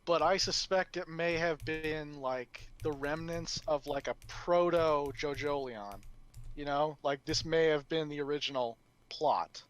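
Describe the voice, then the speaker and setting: A man's voice: a little high, measured pace, clean tone. A man co-hosting a podcast in casual chat, tentative and thinking aloud as he goes. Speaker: podcast co-host. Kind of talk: casual chat about a comic.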